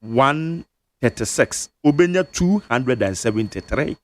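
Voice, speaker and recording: On a Ghanaian radio talk show mixing Twi and English, the male host reads out legal text and explains it step by step with emphasis. His mid-range voice is unhurried, with lively intonation, in a radio studio.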